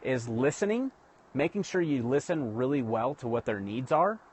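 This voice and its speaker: A man's voice: medium pitch, expressive, moderate pace, a little mellow, husky. A man hosting a live stream, talking casually to viewers about building rapport, with frequent restarts and direct address. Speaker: livestream host teaching sales rapport. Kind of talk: casual livestream teaching.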